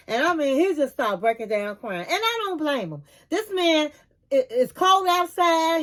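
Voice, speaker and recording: Woman host, sassy recap commentator, high-pitched and chatty. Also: a bit bright. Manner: sassy and chatty, calls listeners honey and kings and queens. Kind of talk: casual reality-show recap.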